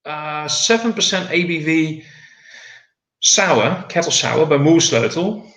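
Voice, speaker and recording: Guy on a video call, bright kinda sharp voice, rambles and restarts, roomy echo. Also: a little high, slow. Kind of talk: casual chat on a video call. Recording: echoey room.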